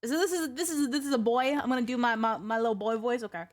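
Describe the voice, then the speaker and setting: Excitable high-voiced woman streamer. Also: quick pace. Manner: excitable, playful. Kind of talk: live game playthrough commentary.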